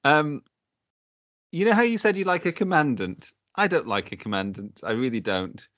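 A man's voice: on the high side, animated, normal speed, a bit bright, no echo. A man co-hosting a podcast, chatty, asking questions and laughing easily. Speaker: podcast co-host. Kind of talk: casual chat.

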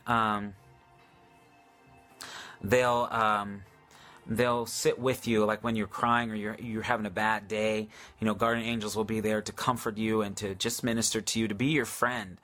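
A man's voice: on the low side, little pitch movement, measured pace, pauses often, pushed and bright, faint music behind. A man hosting a casual live question-and-answer session on faith, enthusiastic and hesitant, with many ums and restarts. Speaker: host answering viewer questions.

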